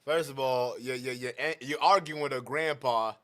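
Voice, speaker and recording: A man's voice: medium pitch, normal speed, pushed and bright. A man in his twenties doing mocking reaction commentary, laughing often. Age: 20s.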